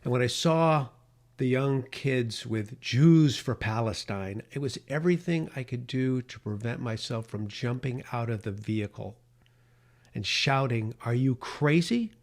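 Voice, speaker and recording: A man's voice: medium pitch, a little slow. A middle-aged man, a radio talk host, giving an impassioned, emphatic podcast monologue.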